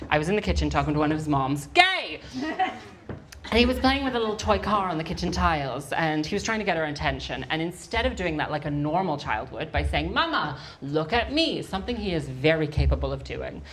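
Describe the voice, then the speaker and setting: A young woman performing a stand-up comedy set on a live stage, with quick, wry, deadpan delivery. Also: deep voice, slight background noise.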